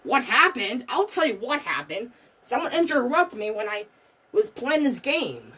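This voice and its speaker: A woman's voice: fairly high pitch, big pitch swings, unhurried, sharp tone, breathy edge, recorded from a distance. A woman giving frantic, swear-filled gameplay commentary, repeating "bro" constantly. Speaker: gamer.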